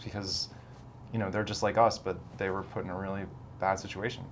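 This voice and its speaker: A man with a fairly low voice lays out his reasoning patiently as an interview guest. He speaks in a calm, explanatory tone, with a faint murmur in the background. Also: slight background noise. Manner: measured, explanatory. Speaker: film director and writer. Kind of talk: casual interview chat.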